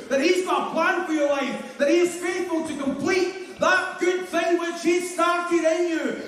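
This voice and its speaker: A Glaswegian man preaching a fervent sermon as pastor, repeating his lines in rising call-and-response and often breaking into shouts. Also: extremely high pitch. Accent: Glaswegian Scottish. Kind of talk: impassioned sermon. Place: large church hall. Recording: echoey hall, distant mic, congregation. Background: congregation responding.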